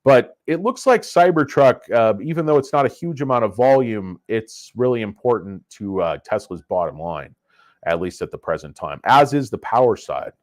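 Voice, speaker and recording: Nursing a stuffy head cold, a man hosts a casual livestream through a cheap lapel mic, rambling and joking with his viewers. His mid-range voice has lively intonation and a moderate pace, with no room sound.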